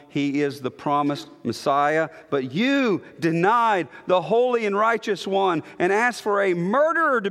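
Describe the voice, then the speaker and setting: A man preaching a sermon, building emphatic repeated declarations and then dropping to a hushed tone. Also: a little high. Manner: emphatic, repetitive declarations, swings from loud to hushed. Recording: long hall reverb.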